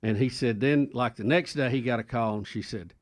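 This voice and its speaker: A man's voice: mid-range voice, fairly quick. A man co-hosting a radio talk show, telling a funny story and acting out the people in it. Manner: animated storyteller, acts out quoted voices.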